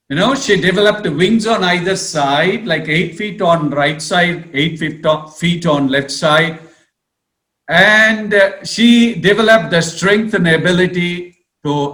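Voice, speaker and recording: A man, a priest, telling a story in a sermon with animated delivery, often checking in with his listeners. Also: a little high, echoey room.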